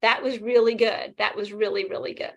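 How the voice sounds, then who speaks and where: A woman in her fifties, a guest talking casually and quickly in an interview, animated and laughing often. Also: mid-range voice, creaky, highs cut off. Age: 50s. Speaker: guest sharing her experience.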